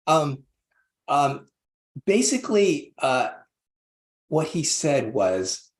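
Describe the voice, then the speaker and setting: A man's voice: a little high, sing-song, drawn-out words, pauses often. A man who is a podcast guest tells a long personal story, rambling with many restarts and acting out the voices he quotes. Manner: acts out quoted voices animatedly. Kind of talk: storytelling interview answer. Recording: roomy echo.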